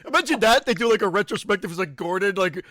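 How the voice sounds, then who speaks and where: A high-pitched man with a very lively, bouncing voice, chatting on a horror movie podcast. He laughs a lot and acts out jokes. The sound is dry, with no room echo. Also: very fast. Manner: laughs often, jokey, acts out bits. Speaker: podcast co-host. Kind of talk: casual chat.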